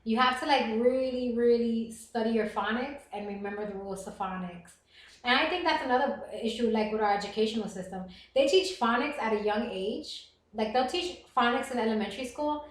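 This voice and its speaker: A woman streaming live, chatting casually with viewers and reading their comments aloud, animated and quick to laugh. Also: a little high. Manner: animated, laughs often, reads chat aloud. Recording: roomy echo.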